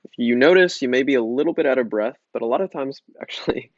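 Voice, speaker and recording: A man guiding a casual yoga breathing lesson in a relaxed, chatty way, joking around and restarting his sentences. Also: mid-range voice, quick pace, dry recording, highs cut off. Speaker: yoga teacher.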